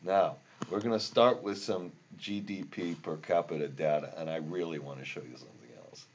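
An older man teaching a software tutorial while recording his screen, rambling and grumbling about bugs as he works. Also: low-pitched, moderate pace, muffled recording, slight background noise. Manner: rambling, easily frustrated, grumbling asides. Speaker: instructor.

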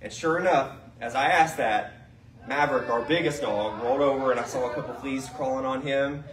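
A man's voice: mid-range voice, brisk, crowd noise. A man preaching a sermon as pastor, talking casually and asking his congregation questions. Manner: conversational, asks the congregation questions. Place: church sanctuary. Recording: roomy sound from a distance.

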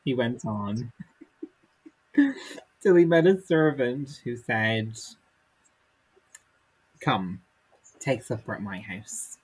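A man's voice: medium pitch, lively intonation, takes it slowly, long pauses, breathy edge, poor audio. A man co-hosting a podcast, reading a comic text aloud and dropping dry, wry asides. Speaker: podcast co-host.

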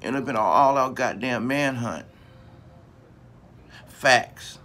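A man's voice: medium pitch, slow pace, pushed and bright, a little hiss or hum. A man vlogging in a casual, profane rant, repeating himself for emphasis and talking straight to his viewers. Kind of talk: casual ranting commentary to camera.

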